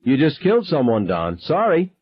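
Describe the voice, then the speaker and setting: A man voicing a frantic teenage gunman who shrieks his questions in high, shrill bursts. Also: wildly swooping pitch, moderate pace, breathy edge, heavily acted. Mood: shrill, menacing. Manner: high, shrill interrogating shouts. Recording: dull lo-fi sound.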